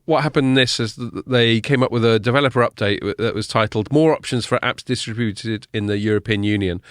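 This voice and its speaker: A man's voice: mid-range voice, fairly bright tone, no room sound, studio quality. A man hosting a casual podcast chat, talking in a loose, swearing, filler-heavy way. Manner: chatty, swears casually, many fillers and restarts. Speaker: podcast host.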